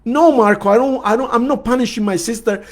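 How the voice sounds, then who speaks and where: A man's voice: extremely high pitch, fast, pitched above the performer's own voice. A distraught woman in her thirties, put on by a man retelling a story, her voice lifted well above his own and pleading hard. she insists and protests line after line. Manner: emphatic, protesting.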